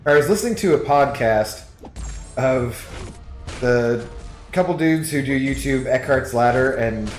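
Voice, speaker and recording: Guy streaming games from home, rambly and chatty, mid pitch, roomy echo, music kinda faint underneath. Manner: rambling, chatty, often laughing. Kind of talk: casual stream chat while gaming.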